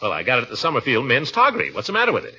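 A pompous blustering town official. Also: male voice, mid-range voice, huge pitch swings, racing, pushed and bright, husky, exaggerated voice. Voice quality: blustery and self-important, chuckling. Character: pompous middle-aged man, blustering and easily flustered. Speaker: small-town water commissioner. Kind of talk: 1940s radio comedy acting. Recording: dull old radio recording with studio audience.

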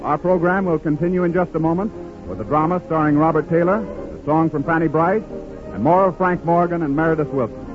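A man reading a scripted sponsor announcement as a radio announcer, in an upbeat pitchman delivery. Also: fairly even intonation, fairly quick. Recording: tinny 1930s radio broadcast with music behind.

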